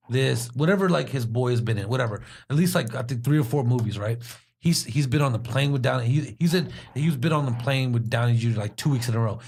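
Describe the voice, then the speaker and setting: A man's voice: medium pitch, vocal fry, a little mellow. A young man from Washington, D.C., hosting a podcast, telling rambling stories in casual chat with many restarts. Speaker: podcast host.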